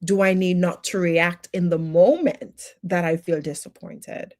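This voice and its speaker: A woman's voice: on the low side, fairly even intonation, unhurried, a little mellow. A woman teaching personal development on a livestream, emphatic and full of rhetorical questions, with faith-based encouragement.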